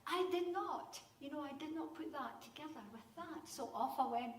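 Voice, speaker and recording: A Scottish woman in her sixties telling a comic story live, chatty and animated, acting out voices. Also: sits high, moderate pace, recorded from a distance. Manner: lively, conversational, acts out voices. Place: conference hall. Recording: echoey hall, voice from off-mic.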